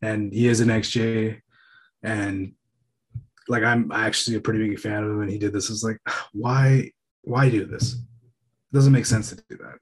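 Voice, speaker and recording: A man co-hosting a casual sports podcast, offering a measured, critical view. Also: lowish voice, steady tone, husky. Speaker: podcast co-host.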